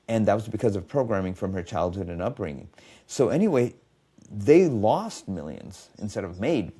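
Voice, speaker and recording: Male podcast guest, mellow voice, lively swinging pitch, tells client stories and acts out the dialogue. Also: breathy edge. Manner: animated storyteller acting out quoted dialogue. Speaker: guest, biofeedback specialist. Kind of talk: storytelling in a podcast conversation.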